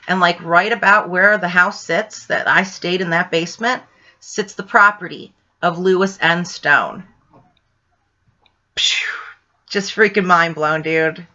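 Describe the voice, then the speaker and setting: A woman ghost hunter telling a rambling, excitable story in a casual vlog, full of fillers. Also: lowish voice. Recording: dull lo-fi sound.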